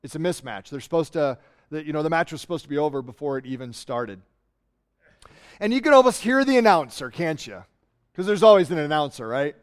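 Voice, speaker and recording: A man preaching a sermon, telling a story in an animated way and acting out the voices. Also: a little high, brisk, smooth. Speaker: pastor.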